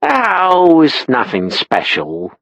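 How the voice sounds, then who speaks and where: A man voicing a brash, flirtatious woman in a rundown bar, in a leering, drawn-out manner. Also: fairly high pitch, wildly swooping pitch, vocal fry, a bit bright, dry recording, voice pushed up, full character voice. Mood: flirty. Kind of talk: audiobook character voice.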